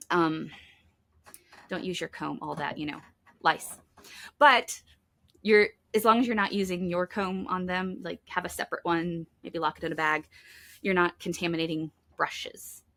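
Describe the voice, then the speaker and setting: Chatty, animated woman podcast host. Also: fairly low pitch. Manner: chatty, enthusiastic, animated, many asides and fillers. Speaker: children's ministry podcast host. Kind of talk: casual product recommendations. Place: home, in Kentucky.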